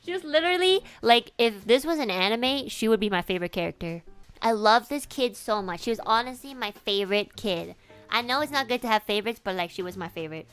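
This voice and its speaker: A young adult woman streamer telling a casual story in an animated way, swearing freely and laughing often. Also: medium pitch, a little fast, clean tone, faint music behind.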